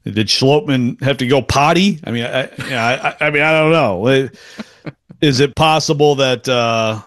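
A man's voice: medium pitch, a little slow, fairly bright tone. Chatty male sports podcast co-host. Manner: rambling, self-interrupting, chuckles often. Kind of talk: casual sports talk.

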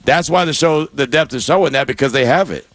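A man hosts a sports radio talk show in a smooth host manner, reading listener feedback and leading segments. His voice sits at a medium pitch. The studio sound is dry and close. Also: brisk, fairly bright tone, no echo. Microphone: studio mic.

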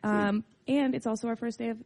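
A woman's voice: on the high side, steady tone, fairly quick, darkish tone, slight background noise. A woman on a morning radio show, chatty and light as she reads the day's birthdays and events. She joins the banter easily between items. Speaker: radio co-host reading birthdays. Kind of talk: casual on-air banter.

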